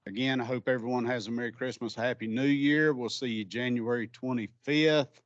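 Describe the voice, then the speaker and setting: A man's voice: medium pitch, steady tone, moderate pace, dry recording. A man wraps up a meeting in a folksy, easygoing way. His voice sits in a middle range, and the recording is dull and dry. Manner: folksy and friendly. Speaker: meeting chair. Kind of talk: closing a public meeting.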